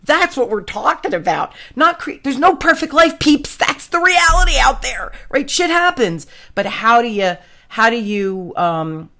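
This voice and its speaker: A woman hosting a podcast, chatting casually and telling stories in an animated, exclamatory way. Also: on the high side, unhurried, few pauses, faint music behind. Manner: animated storyteller, exclamatory, slangy. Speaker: podcast host. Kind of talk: casual chat.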